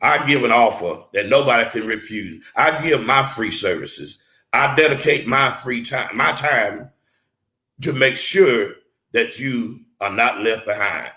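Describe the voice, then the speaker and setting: A man's voice: medium pitch, a little slow, pushed and bright, roomy sound, poor audio. A man interviewed as a mentor, talking earnestly and emphatically, often restarting and repeating words. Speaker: guest mentor.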